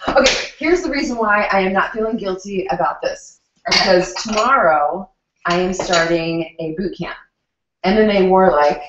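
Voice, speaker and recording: A woman co-hosting a home cooking show in a kitchen, chatting in an excitable way and laughing often. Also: medium pitch, moderate pace, background noise. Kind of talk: casual chat. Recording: roomy, distant, dull sound.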